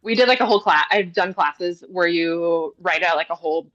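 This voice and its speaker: A woman's voice: on the low side, moderate pace, a bit bright, no echo, dull audio, faint music behind. A young woman from California, a voice actress, chatting casually and giggling, with lots of "like", on a video call. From California, USA. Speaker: voice actress guest. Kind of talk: casual interview chat.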